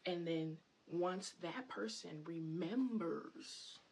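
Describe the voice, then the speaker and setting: A woman's voice: lowish voice, drawn-out words, a little mellow, slight background noise, rough recording. A woman spiritual content creator in a casual, rambling vlog monologue, full of fillers and enthusiasm.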